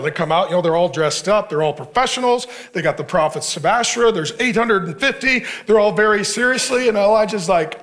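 Animated high-voiced male pastor preaching. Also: quick pace. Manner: joking, sarcastic asides. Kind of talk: sermon.

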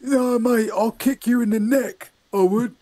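A man with a high-pitched voice rambles through improvised comic banter. He is deadpan, stumbles over his words, and makes mock-aggressive threats. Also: measured pace.

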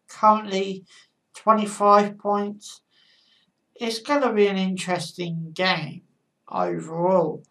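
A woman talks through her football match predictions at a slow, unhurried pace, stopping often to gather her thoughts. Her voice sits at a mid pitch and sounds slightly distant from the microphone. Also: a bit bright. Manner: halting, with frequent pauses and fillers. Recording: voice a bit far from the mic.

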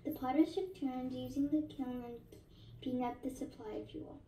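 Woman narrator, reading a book aloud, mellow tone, off-mic in an echoey room. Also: high voice, moderate pace, far from the mic, slight background noise. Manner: steady, with small slips and self-corrections.

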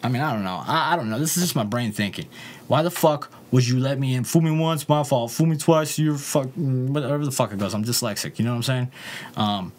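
A young man telling a rambling, profane story, swinging between loud asides and low muttering. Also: a little fast, slight background noise. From Southern California. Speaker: interview guest.

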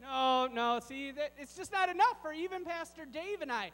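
Guy doing the kids sermon in a big church, really high voice, goofy and joking around, long hall echo and some hum. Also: expressive, a little fast, fairly bright tone. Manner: playful, joking with kids and congregation. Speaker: children's sermon leader. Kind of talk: children's sermon. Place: large church sanctuary.

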